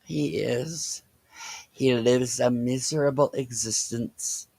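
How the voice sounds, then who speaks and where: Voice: mid-range voice, slow pace, mellow, dry recording. A reaction commentator with a sarcastic, mocking way of talking.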